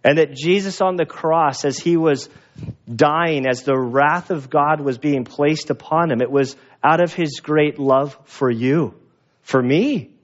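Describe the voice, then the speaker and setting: A man delivers a sermon at an unhurried, deliberate pace. His voice sits a little high for a man, and he restarts phrases as he speaks. The recording has a dull, lo-fi quality. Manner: slow and earnest, with restarts. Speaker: pastor. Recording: dull lo-fi sound.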